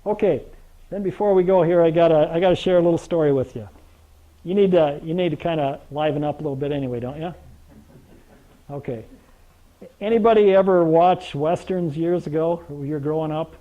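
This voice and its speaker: An older man with a slightly high, brisk voice presents on grain marketing to a live audience in a meeting room, telling folksy stories, joking with the crowd, and tossing out rhetorical questions. The recording is dull and lo-fi.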